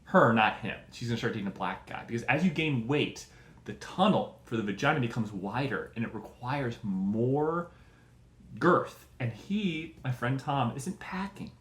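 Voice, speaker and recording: Profane, animated male comedy ranter. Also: mid-range voice, normal speed. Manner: profane, animated, mock voices. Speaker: show host. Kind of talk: comedic rant. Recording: echoey room.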